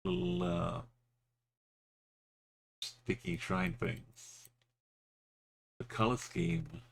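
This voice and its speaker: A man's voice: deep voice, lively intonation, drawn-out words, vocal fry, slightly rough. A man streaming a geography game, musing aloud in short, offhand remarks as he plays. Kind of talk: casual commentary while playing.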